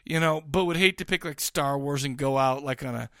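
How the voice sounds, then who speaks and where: A man's voice: a little high, fairly quick, fairly bright tone, no room sound, studio quality. A man co-hosting a podcast in casual banter, rambling bashfully with many restarts. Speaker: podcast co-host.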